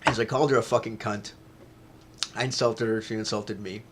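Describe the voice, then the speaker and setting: A man talking to his viewers in a loose, rambling monologue, repeating himself and swearing, getting loud as he retells a fight. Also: lowish voice, fairly even intonation, a little fast, background noise. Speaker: vlogger.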